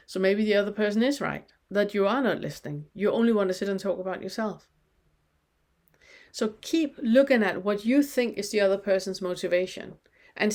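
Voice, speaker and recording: In a spiritual teaching session, a woman speaks at a medium pitch with calm reflection. Her many rhetorical questions keep prompting listeners to examine themselves.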